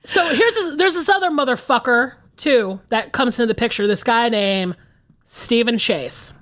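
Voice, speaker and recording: A woman in her forties co-hosting a podcast, telling stories in a profane, animated way. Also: a little high, normal speed, no echo. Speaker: podcast co-host. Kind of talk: casual chat.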